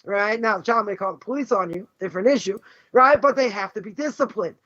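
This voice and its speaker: A rabbi from Boston, his voice sitting high with a sharp tone, moves at a quick pace through an animated Torah lesson. Emphatic and full of rhetorical questions, he often drops in "right?" and "you know." The sound is dry, dull and lo-fi.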